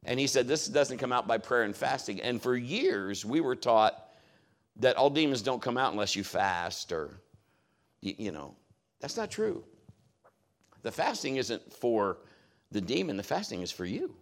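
A man's voice: medium pitch, expressive, a little slow. A man preaching a sermon in a conversational style, telling a story and acting out what others said. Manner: conversational, acts out quoted voices.

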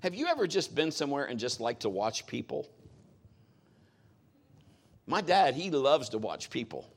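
A man's voice: medium pitch, big pitch swings, moderate pace, creaky. A middle-aged man preaching a sermon as a pastor, talking in a conversational, folksy way with joking asides.

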